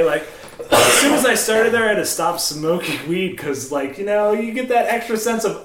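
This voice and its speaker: A man's voice: high-pitched, lively intonation, brisk, echoey room. A man, a former strip club DJ, telling profane stories in casual podcast chat and laughing often. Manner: profane, laughing, acts out quoted voices.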